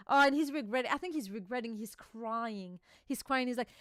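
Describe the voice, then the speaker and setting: A woman's voice: on the high side, fairly quick, hardly any pauses, a bit bright, dry recording, clean studio sound. A woman chatting casually as she reacts to a manga chapter, full of filler words and casual swearing, reading lines aloud and then explaining them. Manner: reads panel dialogue aloud, then explains it. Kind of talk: casual live reaction commentary.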